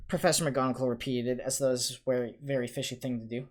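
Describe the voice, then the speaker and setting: A man's voice: medium pitch, quick pace. A man doing a comedic read-aloud of a novel, stumbling and correcting himself as he goes. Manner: stumbling over words, lively. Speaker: comedian reading a book aloud.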